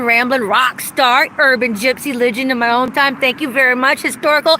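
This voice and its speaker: Woman cussing and ranting outside on her phone, high bright voice. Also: a little hiss or hum. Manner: profane, agitated, ranting. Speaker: vlogger. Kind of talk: angry livestream rant. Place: outdoors in the cold.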